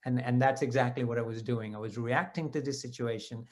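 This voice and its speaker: A man in his fifties sharing personal devotional experiences in a relaxed storytelling talk, with many asides and self-corrections. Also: medium pitch, fairly quick.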